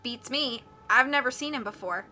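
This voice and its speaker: A woman's voice: a little high, normal speed, bright, forceful tone, soft background music. A woman voicing a blunt young woman who speaks sharply and grumbles.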